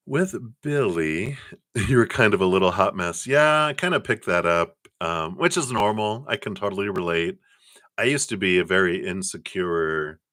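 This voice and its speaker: Deep-voiced chatty tarot reader. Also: male voice, pushed and bright, no room sound, studio quality. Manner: chatty, laughs often, trails off with fillers. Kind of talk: live-streamed tarot reading.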